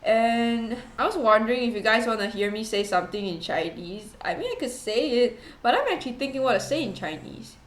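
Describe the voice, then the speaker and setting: A young woman with a fairly high voice chats casually, rambling and giggling as she pokes fun at herself. Her voice bounces around a noticeably echoey room. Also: expressive, a little fast, few pauses. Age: young adult. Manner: rambling, giggly, self-deprecating. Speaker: VTuber streamer. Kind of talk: casual chat. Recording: roomy echo.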